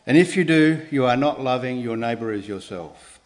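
A man preaching a sermon in an earnest, measured way, pausing and restarting, with emphatic rises on key words. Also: medium pitch, expressive.

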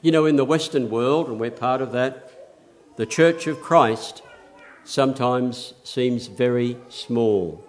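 Man preaching an earnest sermon. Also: medium pitch. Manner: earnest, measured preaching with emphatic rises.

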